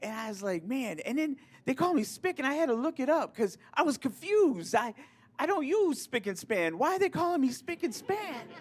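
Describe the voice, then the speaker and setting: A man from Michigan doing a live stand-up set, flamboyant and self-mocking, jumping between squeaky bits and mumbled asides. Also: sing-song, fairly quick. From Michigan, USA. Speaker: stand-up comedian.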